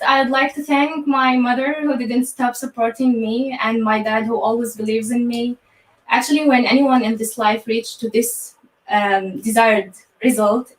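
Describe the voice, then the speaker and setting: Guest: woman from Syria, somewhat high voice, halting and restarting, roomy distant sound. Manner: halting, with many restarts and repeated words. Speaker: graduate guest. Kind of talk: live online interview.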